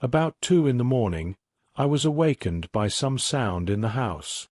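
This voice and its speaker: A man reading a classic mystery aloud as a sleep story in a measured, even way. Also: mid-range voice, no echo, clean studio sound. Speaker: audiobook narrator. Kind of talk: scripted sleep-story narration.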